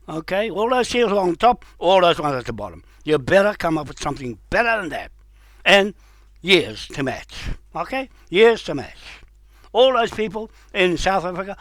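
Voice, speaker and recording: Defiant high-voiced New man. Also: a bit bright, no room sound. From New Zealand. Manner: defiant, repetitive, confrontational. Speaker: activist. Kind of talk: direct-address rant to camera.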